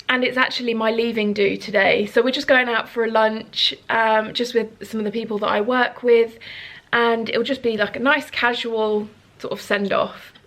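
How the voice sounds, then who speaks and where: A woman in her 30s vlogs from home, chatting earnestly to the camera while emotional and sniffling, rambling with plenty of fillers. Her voice sits a little high and a bit bright, with fairly even intonation at a normal speed.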